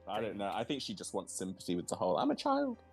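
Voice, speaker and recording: A man's voice: deep voice, racing, darkish tone, husky, faint music behind. A man playing a tabletop game, throwing in side remarks and questions. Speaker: player. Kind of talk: casual tabletop game talk.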